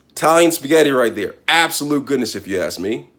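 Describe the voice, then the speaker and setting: In his home kitchen, a man films a deadpan parody cooking video, bragging and speaking straight to the camera with catchphrases he keeps repeating. He talks at a moderate pace in a fairly high, expressive voice.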